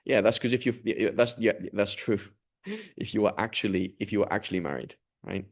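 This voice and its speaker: A man's voice: fairly low pitch, a little fast. A man giving a casual religious talk in a conversational way, often checking in with the listener and acting out quoted dialogue. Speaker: religious teacher.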